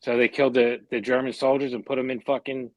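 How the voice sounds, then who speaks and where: A man's voice: medium pitch, flat delivery, quick pace, darkish tone, no echo, muffled recording. A man in his forties from the Philadelphia area, talking bluntly and skeptically in casual chat, swearing a lot. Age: 40s.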